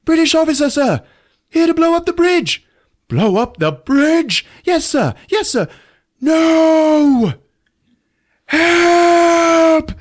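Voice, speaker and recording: A man's voice: very high-pitched, animated, takes it slowly, voice pushed up, full character voice. A man voicing a panicked young soldier, shrieking frantically for help.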